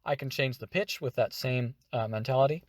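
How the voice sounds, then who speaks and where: A man teaching voice acting in a relaxed, explanatory way, with frequent fillers. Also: mid-range voice, fairly quick, dry recording. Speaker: voice acting tutor. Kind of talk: casual tutorial.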